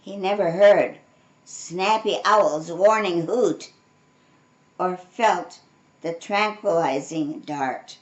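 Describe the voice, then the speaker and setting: An older woman reading a storybook aloud, gentle and unhurried, with friendly asides to young listeners. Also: lowish voice, highs cut off. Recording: roomy echo.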